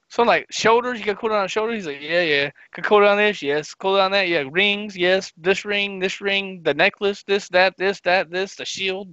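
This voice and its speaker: A man's voice: sits high, bright, forceful tone, dry recording, muffled recording. A man co-hosting a gaming podcast, telling a long story in casual chat and acting out his friends' lines. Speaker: podcast co-host.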